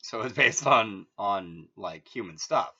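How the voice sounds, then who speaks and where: Deep-voiced man rambling casually. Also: lively intonation, slow pace, pushed and bright, slightly rough, muffled recording. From Massachusetts, US. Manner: rambling, heavy use of "like". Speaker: channel host. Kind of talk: casual explanatory monologue.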